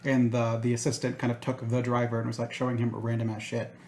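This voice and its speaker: A man's voice: mid-range voice, completely flat delivery, fast talker, a little mellow, slight background noise. A man co-hosting a casual chat, speaking bluntly and dismissively with frequent swearing. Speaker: podcast co-host.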